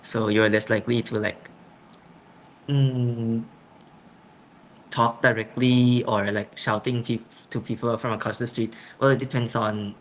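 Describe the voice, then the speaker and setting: A young man talks through his ideas in a relaxed student discussion. He keeps checking in with the others as he goes. His voice sits at a middling pitch over a faint background hum. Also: a little slow, low-quality recording. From Thailand. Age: young adult. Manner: relaxed, thinking aloud, checks in with "right?". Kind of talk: casual group discussion.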